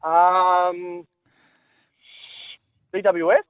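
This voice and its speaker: An Australian man calling in to a radio quiz, answering with relaxed hesitation. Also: sits high, extremely slow, heavy background noise. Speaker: caller. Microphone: phone line. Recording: tinny phone line.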